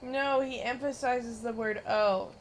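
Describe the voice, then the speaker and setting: Giggly woman gamer chatting on stream, slow drawn-out talk, bit of hiss behind. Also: on the high side, steady tone. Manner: giggly, teasing, mimics others in loud bursts. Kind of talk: casual chat while streaming a game.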